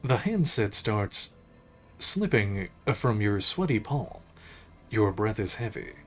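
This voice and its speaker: Man, game streamer, reads narration aloud, lowish voice, very slow, measured. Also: very animated. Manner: measured, unhurried reading with occasional slips.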